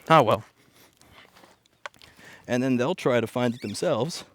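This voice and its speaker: Speaking a little slowly in a medium-pitched, fairly bright voice, a man rants bluntly as he picks up litter outside. He's a repair activist vlogger giving an off-the-cuff monologue through a headset mic, with sarcastic asides.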